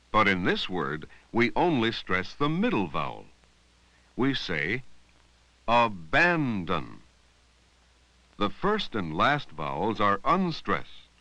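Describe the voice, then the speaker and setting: A man narrating an old educational film about reading long words, speaking slowly and deliberately and stretching out words to show their sounds. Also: fairly low pitch, sharp tone, no echo, rough recording. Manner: slow, deliberate, drawing out words to teach sounds. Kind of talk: scripted instructional narration. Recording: dry, close voice-over from an old 16mm film.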